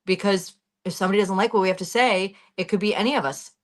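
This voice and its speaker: A woman's voice: medium pitch, quick pace. A woman in her thirties, a guest on a talk show, telling a personal account bluntly, with swearing and heated urgency over a video call.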